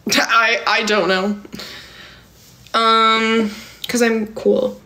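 Young woman, slightly high voice, casual rambling livestream host. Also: level tone, very slow, bright, forceful tone. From California. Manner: rambling and filler-heavy, many "like" and "um". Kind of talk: casual livestream chat, reading viewer comments.

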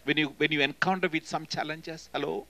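Bright-voiced Indian-accented preacher. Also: male voice, a little high, fairly even intonation, brisk, vocal fry, dry recording, rough recording. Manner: emphatic, often calling "hello?" to the congregation; swings between loud and hushed delivery. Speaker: guest preacher. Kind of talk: sermon. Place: church.

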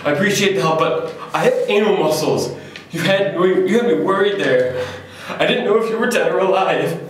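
A man's voice: high-pitched, normal speed, close to an everyday voice. A man voicing a startled stranger in a neighboring bathroom stall who pleads nervously, then with mock solemnity. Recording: very echoey room, mic far off.

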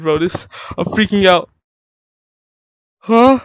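Young man, gameplay chat, panicky, excitable, very lively pitch. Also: fairly quick, dry recording, clean studio sound. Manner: excitable, panicky, says bro constantly. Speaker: gaming video creator.

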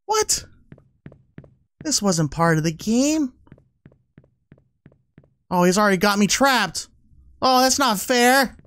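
A man playing a horror game on a headset mic, excitable, laughing often and swearing at the game. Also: very high-pitched, noisy background. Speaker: gaming YouTuber. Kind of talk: let's-play commentary.

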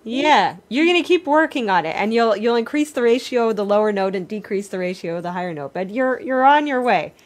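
A woman teaches a vocal workshop over a video call. Her voice sits fairly high, and she moves between friendly explanation and sung examples, always encouraging her students. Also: animated, fairly quick, few pauses. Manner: encouraging, demonstrates phrases by singing. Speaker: singing teacher.

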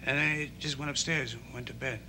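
A young actor playing an earnest, idealistic teenage boy in a 1960s TV drama. He talks in a halting, rambling way full of restarts. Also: medium pitch, fairly even intonation, noisy background, lightly acted.

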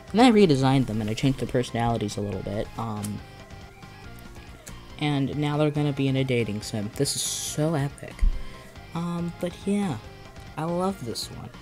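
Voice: mid-range voice, expressive, moderate pace, long pauses, darkish tone. Casual vlog commentary, rambling, giddy, restarts often, has a headache, mid-range voice, faint background music. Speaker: video creator.

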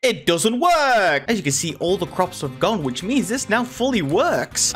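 A man's voice: medium pitch, pushed and bright. A man giving casual, rambling, self-mocking commentary while playing a video game. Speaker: gaming video host.

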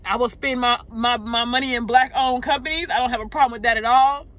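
A woman, venting unscripted to her viewers from a parked car. She is upset and shaken, sighing, halting and repeating words. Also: fairly high pitch, steady tone, a bit bright, dull audio. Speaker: vlogger. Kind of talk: unscripted emotional vent to camera. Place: parked car in a parking lot.

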